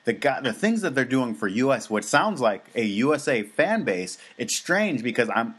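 This podcast co-host, an American man, talks in a loose, rambling way, restarting often and leaning on fillers. His voice sits at a medium pitch and is a bit bright.

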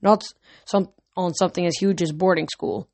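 A woman narrating an audiobook in a steady, earnest storytelling manner, recorded close. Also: lowish voice, moderate pace, no room sound.

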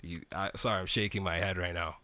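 A young man telling a slang-heavy story in an animated way during a casual chat. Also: low voice, fast talker, dry recording.

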